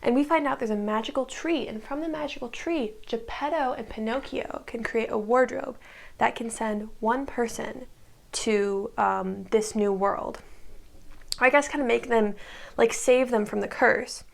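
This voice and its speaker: A woman hosting a casual recap video, talking chattily with lots of "like" and quick whispered asides. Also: a little high, vocal fry.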